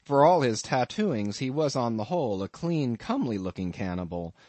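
Man reading an audiobook, animated delivery. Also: medium pitch, moderate pace, dry recording. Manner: expressive, dramatic reading. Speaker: audiobook narrator. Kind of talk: scripted audiobook narration.

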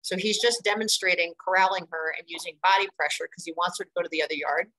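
A middle-aged woman presenting a training webinar on dog playgroups, talking in an energetic, chatty way and stressing her points with repeated words. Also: on the low side, quick pace, poor audio. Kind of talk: instructional webinar talk.

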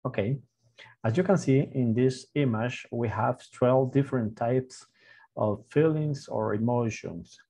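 Slow, husky-voiced man teaching words. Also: medium pitch, mellow. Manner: slow, repeating each word, with hesitant fillers. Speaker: English teacher. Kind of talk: slow online language lesson with gestures.

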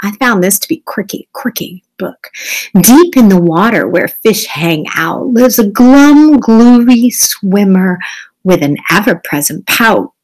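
A woman teacher reads a picture book aloud to children in a slow, measured voice. Her delivery is expressive and clear, pitched in an ordinary middle range. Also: low-quality recording. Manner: slow, expressive storytime reading.

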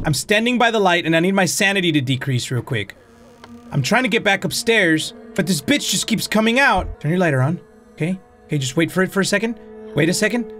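A man playing a horror game and commenting, panicky and swearing, often shouting in fright and dropping Spanish exclamations. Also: on the high side. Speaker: gaming streamer.

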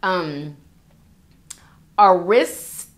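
A woman's voice: lowish voice, expressive, extremely slow. A young woman hosting a food vlog, chatting casually to viewers and calling them girl and y'all. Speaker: mukbang host. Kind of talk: casual chat reading viewer comments.

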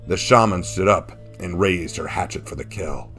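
A man narrating a fan-written action story in a steady, dramatic reading. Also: low-pitched, normal speed. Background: faint background music.

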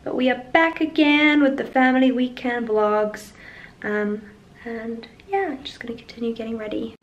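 A woman's voice: on the high side, normal speed. A young woman chatting casually to camera as a vlogger while getting ready at home, rambling along with plenty of "like" and "yeah". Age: young adult. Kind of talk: casual vlog chat.

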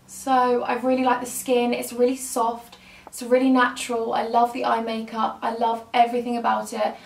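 Young woman vlogger, high-ish voice, gushing and slangy, on the verge of tears, echoey room a bit off-mic. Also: completely flat delivery, moderate pace, vocal fry, distant mic. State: emotional, near tears. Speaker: beauty vlogger. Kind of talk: casual makeup tutorial chat. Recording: roomy echo, slightly off-mic.

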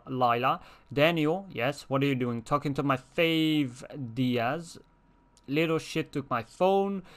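A man's voice: a little high, bright, forceful tone. A young man doing casual gameplay commentary, reading in-game text messages aloud with crude jokes and asides. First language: Dutch. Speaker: let's player.

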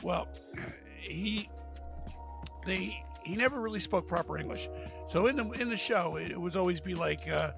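High, gravelly man rambling on a podcast. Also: moderate pace, over music. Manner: rambling, heckling with jokes. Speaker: podcast co-host. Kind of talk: casual podcast banter.

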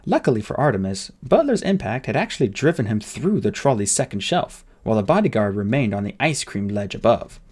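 A man reading an audiobook aloud with expressive, dramatic narration. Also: on the low side, a little fast, hardly any pauses.

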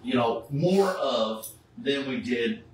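A middle-aged man tells an animated story in a casual chat and puts on the voices of the people he quotes. He sits well back from the mic in a very echoey room, with a faint hiss of noise behind him. His voice sits at an ordinary pitch for a man. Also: takes it slowly, recorded from a distance. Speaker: charity Superman cosplayer.

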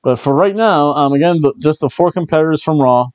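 A man's voice: fairly high pitch, a little fast, a little mellow, smooth, no echo, dull audio. A man hosting a casual wrestling review show, rambling with jokey asides. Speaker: wrestling review podcast host. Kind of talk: casual recap commentary.

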